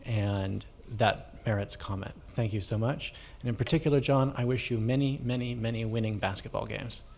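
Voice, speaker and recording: A man's voice: fairly low pitch, moderate pace, gravelly, background noise. A man giving sincere, plainspoken thanks at public comment in a community hall.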